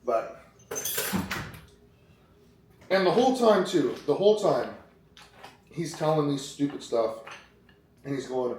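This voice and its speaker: A man's voice: mid-range voice, animated, a little slow, long pauses, a little mellow, roomy sound, a little hiss or hum. A young man talking casually in a fitness vlog, rambling and acting out what other people said. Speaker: fitness vlogger. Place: kitchen at home, then a gym.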